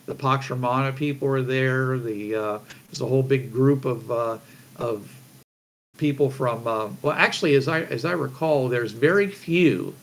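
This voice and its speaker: A man's voice: medium pitch, moderate pace. A man running a tabletop game as game master, rambling with many fillers and restarts.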